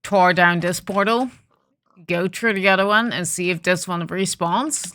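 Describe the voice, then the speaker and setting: Slow, bright-toned woman, morning voice, casual gameplay commentator who thinks aloud. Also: lowish voice, slight background noise. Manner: thinking aloud, frequent ums and restarts. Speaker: gaming video host.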